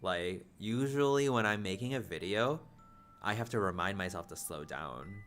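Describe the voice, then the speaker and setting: Male streamer, low voice, quick and rambly, slight stutter, casual chat. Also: expressive, a bit bright, faint music behind. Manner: fast talking, rambling; stutters and mumbles, repeats words.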